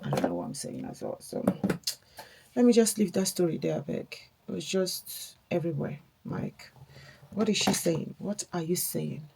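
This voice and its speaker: A young woman talks straight to her viewers while getting ready. Her voice sits a touch lower than most women's, and she rambles in a candid, confiding way, circling back on her own thoughts. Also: expressive, moderate pace, gravelly, background noise. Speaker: vlogger. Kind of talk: casual get-ready-with-me storytelling.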